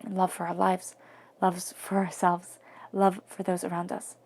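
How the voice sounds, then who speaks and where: Soft-spoken woman with a gravelly edge. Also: on the low side, completely flat delivery, a little slow. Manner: soft, flowing and reflective, slipping into near-whispers. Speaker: tarot reader. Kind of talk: spoken tarot reading.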